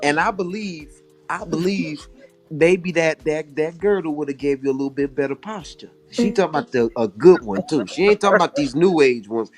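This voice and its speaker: A man's voice: a little high, normal speed. A man as a guest on a casual live-stream panel, laid-back and teasing, dropping preachy asides.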